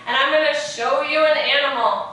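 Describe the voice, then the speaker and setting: A woman teaching preschoolers in a virtual class, speaking in a slow, sing-song, encouraging way. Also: high voice, fairly even intonation, sharp tone, recorded from a distance, slight background noise. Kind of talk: virtual class for young children. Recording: echoey room, voice off-mic.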